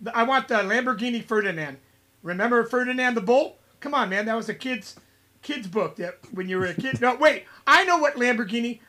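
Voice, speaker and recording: A man's voice: very high voice, animated, fairly quick, bright, forceful tone. A man co-hosting a podcast in casual chat, joking and teasing, cutting in with puns. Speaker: podcast co-host.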